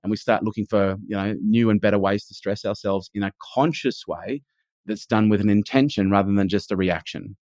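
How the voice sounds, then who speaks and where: Emphatic man, low dry voice. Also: steady tone, a little fast, a little mellow, no echo. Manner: earnest and emphatic, swears casually. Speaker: podcast guest. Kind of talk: casual conversation.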